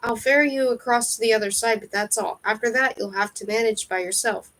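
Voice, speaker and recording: A woman reading aloud, voicing a huge skeletal male ferryman who speaks in hushed, hissing, evasive tones. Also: a little high, fairly even intonation, fairly quick, close to an everyday voice.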